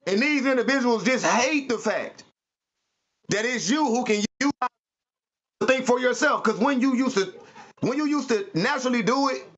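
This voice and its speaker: A man's voice: very high voice, animated, moderate pace, fairly bright tone, muffled recording. A man giving an emphatic spiritual motivational talk, preachy and full of profane slang. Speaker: podcast host.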